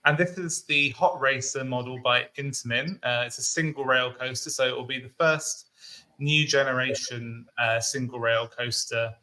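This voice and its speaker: A man's voice: medium pitch, fairly even intonation, normal speed, sharp tone. A man from the UK co-hosting an enthusiast show, chatting casually and thinking aloud with fillers. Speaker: co-host. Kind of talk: casual chat.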